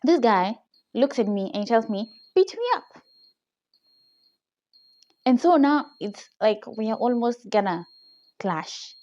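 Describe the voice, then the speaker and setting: A woman's voice: fairly high pitch, lively intonation, unhurried, dark tone, muffled recording. A young woman with a Kenyan accent tells a personal story in a casual vlog. She retells it with animation, often tags her lines with "okay?", and laughs often. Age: young adult. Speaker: vlogger. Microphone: phone camera.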